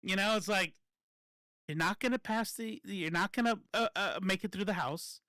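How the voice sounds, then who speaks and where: A man's voice: sits high, moderate pace, sharp tone, no room sound. A man giving casual, profane political commentary that rambles, stopping and restarting often.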